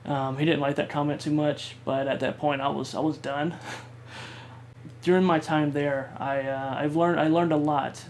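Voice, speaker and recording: Man telling a story, flat high-ish voice. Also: a little hiss or hum. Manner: halting, many fillers and restarts. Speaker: vlogger. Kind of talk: personal storytelling.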